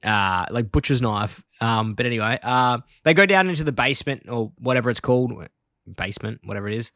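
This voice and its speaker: A man's voice: mid-range voice, lively intonation, brisk, fairly bright tone, no room sound, clean studio sound. A man co-hosting a podcast, recapping a cartoon episode in a rambling, laughing casual chat. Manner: rambling, lots of fillers and laughter. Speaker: podcast co-host.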